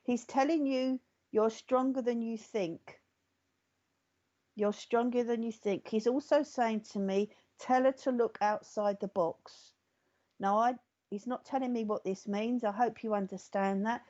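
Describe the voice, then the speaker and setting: During a live psychic reading, this woman speaks fairly high, mellow and measured, with fairly even intonation. Reassuring throughout, she keeps checking in with "okay?" and "all right?" over lo-fi sound.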